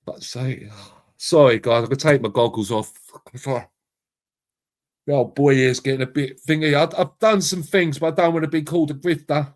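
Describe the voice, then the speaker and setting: A man's voice: a little high, fairly even intonation, normal speed. A middle-aged English man hosting a casual live chat, blunt and matey, swearing freely and calling viewers mate and bruv. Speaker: live stream host.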